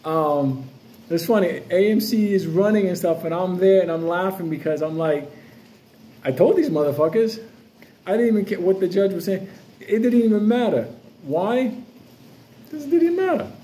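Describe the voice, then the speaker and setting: A man's voice: high-pitched, normal speed, mellow, a little hiss or hum. A man ranting casually to camera about crypto, profane and swaggering, jumping from story to story. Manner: profane, loose, swaggering, jumps between stories. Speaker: crypto vlogger. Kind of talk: casual unscripted rant to camera.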